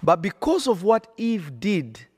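Man, podcast preacher, emphatic, repetitive, fairly high voice. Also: sing-song, a little slow, slightly rough, no echo. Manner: emphatic, repeats phrases, checks listeners follow. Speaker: prophet and podcast host.

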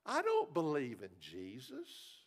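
A man's voice: on the high side, wildly swooping pitch, slow, exaggerated voice. Man putting on a syrupy sweet lady minister. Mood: sweetly polite. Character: overly sweet-spoken woman minister.

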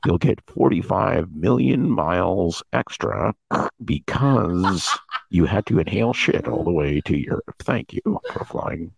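A man voicing a deadpan male airline pilot who drones cabin announcements with drawn-out "uh"s. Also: a little hiss or hum, heavily acted. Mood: mock-solemn. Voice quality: gravelly and low. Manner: droning announcement delivery with drawn-out "uh"s.

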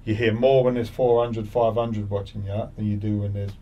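A man's voice: on the low side, little pitch movement, normal speed, distant mic, highs cut off. A man in his forties, a former footballer, chatting as a podcast guest with many restarts and repeated words. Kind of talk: casual interview chat.

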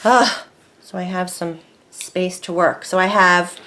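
Chatty excitable woman crafting. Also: on the low side, measured pace. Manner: chatty, excitable, talks to herself while working. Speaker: craft video host. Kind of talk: casual crafting tutorial.

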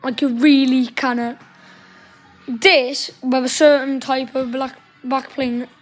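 A woman's voice: high-pitched, level tone, takes it slowly, faint music behind. A woman giving casual, rambling gameplay commentary, chatty and swearing mildly as she goes. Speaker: gaming streamer.

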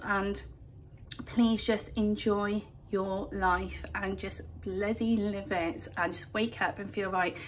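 Speaking earnestly to camera from inside her home, a young adult woman vlogger rambles and apologizes as she talks through her feelings in an emotional rant. Her voice is mid-range, with a little hiss or hum on the recording.

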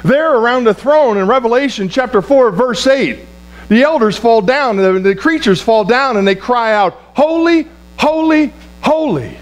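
A pastor with a notably high voice preaches a sermon to his congregation at normal speed, hammering on repeated words and calling for an amen. He stumbles and restarts phrases along the way, over a low electrical hum.

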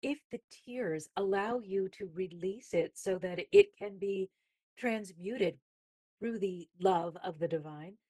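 A woman's voice: mid-range voice, slow, dark tone, husky. Emphatic woman speaking reflectively. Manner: emphatic, reflective, builds to insistent points. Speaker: guest speaker, healer. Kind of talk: casual faith-based conversation.

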